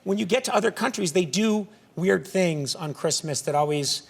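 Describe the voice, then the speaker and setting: High gravelly-voiced man hosting a talk show. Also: normal speed. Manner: joking, self-mocking, breaks into silly voices. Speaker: late-night talk show host. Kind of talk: playful talk show banter. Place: television studio.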